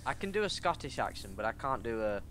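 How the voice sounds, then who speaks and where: A man's voice: medium pitch, sing-song, fast talker, very noisy. A man co-hosting a let's play, chatting casually and teasing his friend with jokes. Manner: teasing, joking banter. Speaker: co-host. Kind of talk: casual chat over gameplay.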